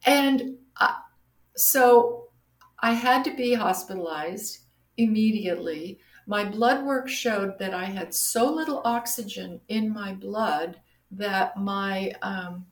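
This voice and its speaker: Middle-aged woman, guest storyteller, animated delivery, echoey room, mid-pitched voice. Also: slow, a little hiss or hum. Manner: animated, acts out quoted voices. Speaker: guest sharing her story. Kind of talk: casual personal storytelling. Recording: roomy echo.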